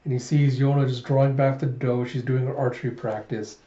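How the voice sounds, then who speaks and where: A man recaps a manga in a casual way, jumping between narration and the characters' lines. His voice is very dark and mellow. The recording is roomy and slightly muffled. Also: mid-range voice, level tone, brisk. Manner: recaps with "he's like", acts out lines. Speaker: manga reviewer. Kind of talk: casual comic readthrough.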